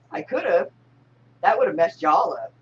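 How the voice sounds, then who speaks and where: A woman hosting a casual live-stream chat, laughing loudly and often. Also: fairly low pitch, husky, muffled recording. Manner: loud laughing, animated. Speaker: host.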